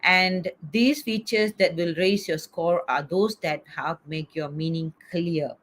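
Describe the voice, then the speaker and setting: Speaking slowly in a lowish voice, this middle-aged woman runs an online lecture by video call, gently coaxing her class and checking in with a frequent "okay?" There is slight background noise.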